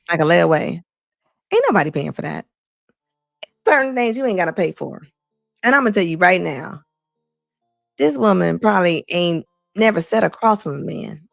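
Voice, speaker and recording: Blunt gravelly woman commentator. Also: mid-range voice, animated, moderate pace, pauses often, dry recording, studio quality, faint music behind. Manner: blunt, emphatic, repeats lines for effect. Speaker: commentary host. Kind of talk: casual reaction commentary.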